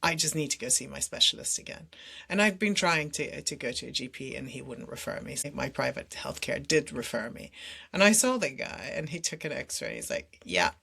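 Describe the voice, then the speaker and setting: A woman's voice: rumbling low, big pitch swings, a little fast, gravelly, pushed and bright, breathy edge. A woman who is a podcast guest and somatic coach, telling personal stories candidly and acting out her own dialogue with laughs between phrases.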